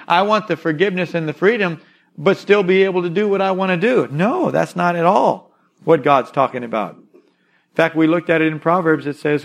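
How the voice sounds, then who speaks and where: A male pastor delivering a sermon with a slightly high-pitched voice. He works through scripture verse by verse, slowing down on key phrases and speaking to his listeners as "son". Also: creaky. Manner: expository preaching, quotes scripture and addresses "son" with emphatic pauses.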